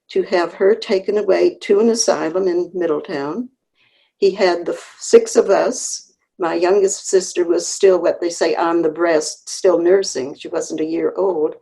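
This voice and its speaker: Older woman author, 80s, low warm tone, unhurried earnest storyteller, video call. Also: husky, low-quality recording. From Connecticut, USA. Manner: unhurried, frequent restarts and pauses, earnest. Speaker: author, interview guest. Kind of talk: reminiscing conversational storytelling.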